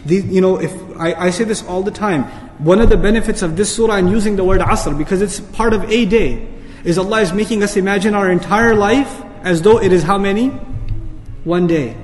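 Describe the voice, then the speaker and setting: A man's voice: sits high, fairly quick, big-room sound, a little hiss or hum. A man giving an urgent religious lecture, pressing the audience with rhetorical questions and reciting Arabic verses. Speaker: Islamic speaker. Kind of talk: lecture sermon.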